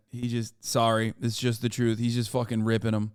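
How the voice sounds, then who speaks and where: A man streaming a reaction, talking casually with profane, mocking asides and bursts of excitement. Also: mid-range voice, normal speed, smooth, no room sound, studio quality.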